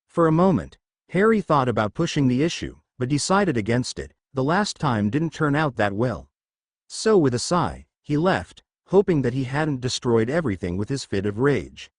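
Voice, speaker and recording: Animated man reading a story. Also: mid-range voice, normal speed, no echo, studio quality. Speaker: narrator. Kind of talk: scripted fan fiction narration.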